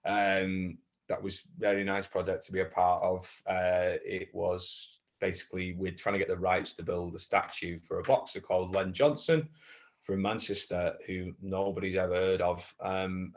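A man's voice: deep voice, flat delivery. A man, an actor chatting casually as a guest, full of restarts that build into emphatic advice. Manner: halting, many restarts, gets emphatic giving advice. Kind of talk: casual chat.

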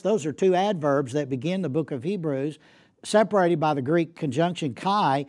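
A man's voice: on the high side, lively intonation, moderate pace, warm tone. A man giving an academic lecture as a guest speaker, emphatic and repeating key points for effect. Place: lecture hall.

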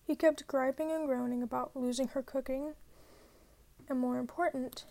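High-voiced woman reading a novel aloud. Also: fairly even intonation, normal speed, vocal fry, mellow. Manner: first-person reading with stumbles and self-corrections. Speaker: audiobook reader. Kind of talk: amateur audiobook narration.

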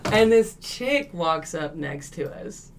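Her voice sits low and her pace is slow as this podcast co-host spins a story in a casual conversation among friends. She curses freely and animatedly performs other people's lines. A faint hiss or hum runs under the recording.

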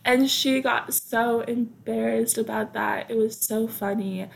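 Chatty young American woman with a gravelly edge. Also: a little high, steady tone, measured pace. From United States. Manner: chatty, rambling, with many fillers and asides. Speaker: podcast host. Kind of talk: casual storytelling.

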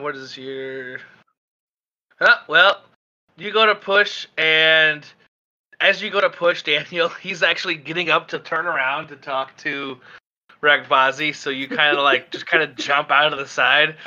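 A man's voice: on the high side, bright, forceful tone, a little hiss or hum. A man narrating as game master, in a loose, rambling way with frequent laughs. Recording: dull lo-fi sound.

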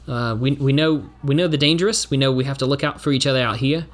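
A man's voice: medium pitch, quick pace, natural voice. A man voicing a friendly, laid-back male wasteland wanderer in an attempted Australian or New Zealand accent, reassuring and hesitant.

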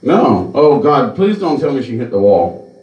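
A man's voice: medium pitch, big pitch swings, moderate pace, darkish tone, reverberant, dull audio. A man hosting a podcast, telling a story in a casual, profane way. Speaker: podcast host.

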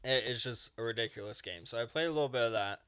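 A man in relaxed podcast chat, telling a long rambling story with quick asides. His voice is bright and forceful, and his sound is smooth and crisp. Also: mid-range voice. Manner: rambling storyteller, acting out game characters in passing. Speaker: podcast co-host. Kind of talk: casual chat.

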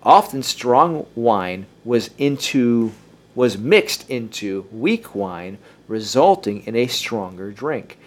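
A man's voice: medium pitch, big pitch swings, slow pace. A man hosting a casual group discussion. He laughs often, restarts his sentences and at times reads passages aloud.

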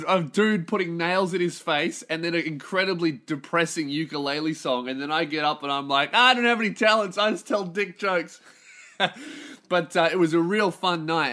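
A man's voice: fairly high pitch, fairly bright tone. An Australian man, a stand-up comedian hosting his own podcast, telling stories in a profane, rambling way and laughing at his own jokes. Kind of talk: casual comedic storytelling monologue.

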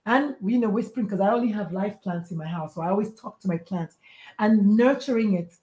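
A woman's voice: mid-range voice, a little fast, echoey room. A woman from Nigeria, a pediatrician and life coach, telling stories as a podcast guest and acting out the voices of the people in them. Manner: acts out quoted voices, emphatic and expressive. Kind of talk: animated storytelling in conversation.

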